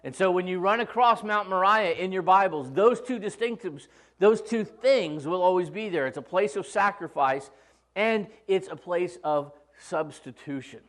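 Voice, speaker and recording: High-voiced man preaching a sermon. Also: moderate pace, a bit bright. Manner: conversational, humorous storytelling. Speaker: pastor. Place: church.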